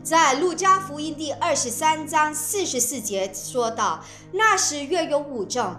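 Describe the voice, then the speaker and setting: High, lively woman interpreting a sermon. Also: unhurried, roomy sound, soft background music. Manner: lively, expressive phrasing.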